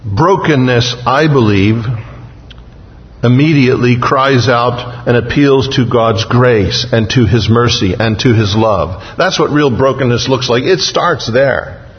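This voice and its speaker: A man preaching a sermon in an earnest, repetitive cadence, stressing his key phrases slowly. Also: medium pitch. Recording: dull, muffled audio with long reverb.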